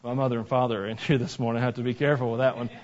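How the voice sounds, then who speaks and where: A man's voice: mid-range voice, level tone, rapid-fire. Man preaching a folksy sermon. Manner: conversational, with joking asides. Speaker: pastor. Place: church sanctuary. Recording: dull lo-fi recording.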